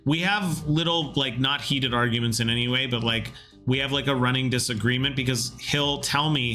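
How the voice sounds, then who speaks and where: A man in his thirties streaming a game devlog, rambling casually with lots of fillers and getting animated when he quotes people. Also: medium pitch, normal speed, faint music behind. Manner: rambling, self-deprecating, with many fillers. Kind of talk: casual livestream chat.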